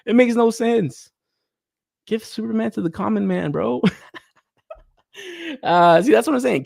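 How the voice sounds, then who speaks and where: A man's voice: sits high, creaky, darkish tone, no echo, clean studio sound. A young man hosting a podcast, ranting casually to his chat, rambling, swearing and laughing as he gets worked up. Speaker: podcast host. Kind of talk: casual profane rant to a live chat.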